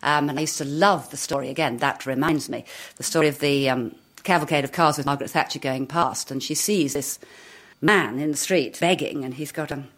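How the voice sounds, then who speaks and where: A woman with a somewhat low voice tells anecdotes about her work as an actress. She is animated and self-mocking and often breaks into laughter between stories. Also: brisk. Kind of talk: anecdotal talk.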